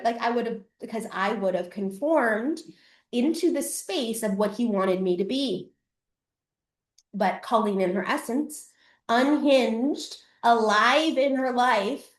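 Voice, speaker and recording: A woman's voice: a little high, measured pace. A middle-aged Canadian woman, a podcast host and coach, telling a personal story in a live masterclass. She talks candidly, swears freely and acts out her past self. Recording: echoey room.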